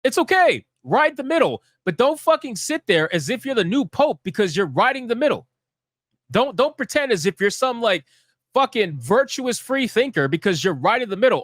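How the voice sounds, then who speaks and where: Male live stream host, heated profane rant, lively swinging pitch, dry close sound. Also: moderate pace, no echo. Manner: fired-up, profane and emphatic.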